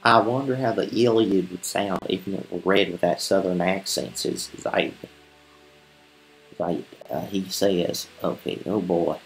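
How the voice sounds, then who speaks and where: A man reading an epic poem aloud in a measured way, then chatting casually with some stumbles. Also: sits low, steady tone, faint music behind, rough recording. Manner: measured, stumbles and restarts in chat. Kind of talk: poetry reading and casual chat.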